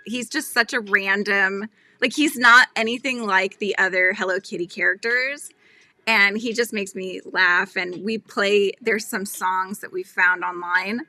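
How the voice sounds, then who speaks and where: A woman's voice: medium pitch, steady tone, a little slow, bright, forceful tone, no echo. A woman in her forties hosting a casual craft livestream, chatting and greeting viewers from comments with frequent laughs and fillers. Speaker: livestream host. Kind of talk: casual live-stream chat while crafting.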